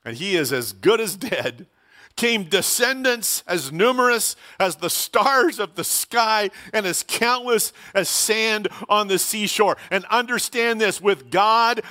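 A man's voice: high voice, lively intonation, slow pace, pushed and bright. A middle-aged man preaching a sermon in a conversational way, asking rhetorical questions and repeating key phrases. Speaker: pastor.

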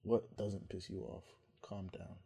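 A man's voice: sits low, level tone, unhurried, vocal fry, mellow, breathy edge. A young man shoots the breeze on a podcast, joking around and laughing at his own lines. His sentences wander and trail off. The talk stays loose and unscripted. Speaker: podcast co-host. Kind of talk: casual chat.

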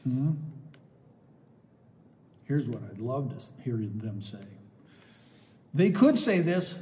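An older man preaching a sermon, swinging from loud, emphatic exclamations to soft asides. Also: mid-range voice, sing-song, takes it slowly, pauses often, in a large hall.

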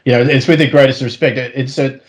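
Easygoing Australian co-host. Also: male voice, medium pitch, fairly even intonation, fast. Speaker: podcast co-host. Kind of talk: casual chat over a video call.

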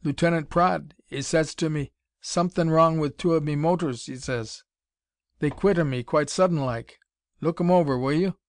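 A man puts on a wiry little Cockney mechanic, twanging, excitable and high-pitched, h's dropped all over. The voice sits well above the reader's own, and the recording is dry. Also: moderate pace, no echo, natural voice. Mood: puzzled.

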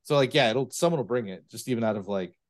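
He's a fast talker with a mid-range voice, an East Coast American hosting a tabletop gaming podcast. The chat is casual, and his animated, rambling stories are loaded with fillers and restarts.

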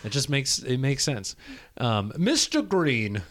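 Lively, joking male podcast co-host. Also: medium pitch, takes it slowly. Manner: playful, deadpan silly jokes. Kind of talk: casual comedy chat.

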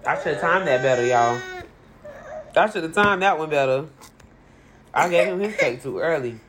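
A woman's voice: low-pitched, expressive, moderate pace, background noise. A woman hosting a podcast in a casual, chatty and playful way, often laughing as she talks. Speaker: podcast host. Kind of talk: casual chat.

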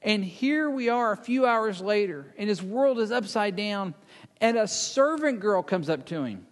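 High-voiced preacher in a reverberant hall. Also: male voice, lively intonation, a little slow. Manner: dramatic storytelling, acts out quoted speakers, drops to a hush for emphasis. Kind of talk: sermon retelling a Bible story.

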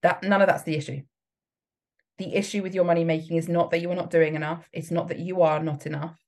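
A woman's voice: fairly low pitch, fairly even intonation, quick pace, darkish tone. A woman coach giving a motivational talk, emphatic and frequently laughing as she acts out the voices in people's heads. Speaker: business coach.

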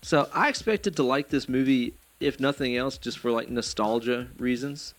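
A man's voice: medium pitch, moderate pace, faint music behind. A man in his thirties hosting a casual movie podcast, laughing a lot, swearing and rambling. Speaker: podcast host.

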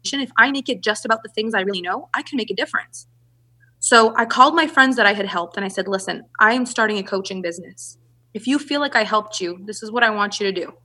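Woman coach guest on a podcast, bright voice, tells her story animated, does little voices for people. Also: mid-range voice, quick pace. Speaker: guest, relationship and business coach.

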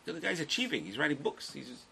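An older man teaches a small class at a quick clip, his voice gravelly and edged with a bright, forceful bite. He tells stories animatedly, often restarting and adding asides. A faint noise sits behind him. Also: on the high side, big pitch swings. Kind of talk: lively lecture to a small group.

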